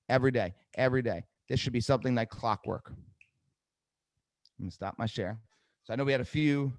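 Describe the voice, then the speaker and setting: A man's voice: mid-range voice, darkish tone, no echo. A man hosting a live sales webinar, coaching with energy and repeating key phrases for emphasis.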